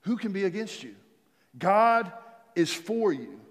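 A man's voice: high-pitched, very animated, unhurried, long reverb tail. A man preaching a sermon as pastor, emphatic and repetitive, leading the congregation in call-and-response. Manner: emphatic, repeats key phrases, leads the congregation in call-and-response.

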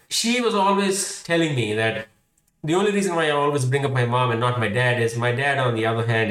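A man's voice: medium pitch, fairly bright tone. A man, hosting a podcast in a wry, self-deprecating comedic monologue. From India. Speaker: podcast host. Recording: roomy room, distant mic.

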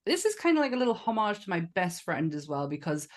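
A woman in her thirties with a Northern English accent, co-hosting a casual podcast chat, enthusiastic and quick to laugh and swear. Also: lowish voice, very animated. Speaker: podcast co-host.

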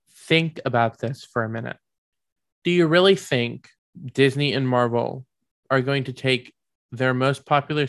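A man's voice: medium pitch, a bit bright, dry recording, studio quality. A man giving ranting commentary, heated and profane, rambling with many fillers and restarts.

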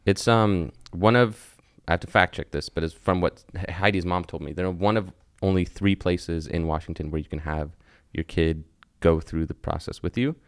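A man's voice: deep voice, moderate pace, hardly any pauses, no room sound, clean studio sound. A man talking candidly in a casual conversation, swearing freely and rambling in bursts.

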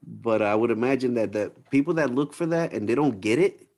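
A man's voice: medium pitch, expressive, a little fast, a little mellow. A man chatting casually on a podcast, laid-back and swearing freely. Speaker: podcast co-host. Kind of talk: casual chat.

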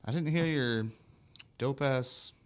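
A man's voice: medium pitch, slow pace, over loud music. Profane joking podcast co-host, man. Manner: loose and profane, joking, reads viewer comments aloud. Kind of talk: casual live podcast chat.

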